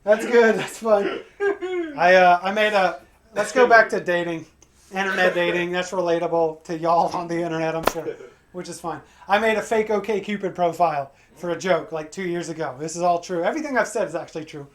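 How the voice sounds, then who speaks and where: A man doing a stand-up comedy set, crude and energetic, breaking into acted-out voices for his punchlines. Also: high-pitched, a little fast, a crowd in the background. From Pacific Northwest of the USA. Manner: crude, energetic joke delivery with acted-out quotes.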